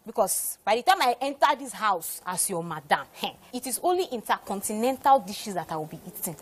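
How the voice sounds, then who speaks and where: A woman's voice: medium pitch, very animated, fairly quick, husky. A woman with a Nigerian English accent playing a scheming, boastful young woman in a film drama. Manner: scornful, boastful.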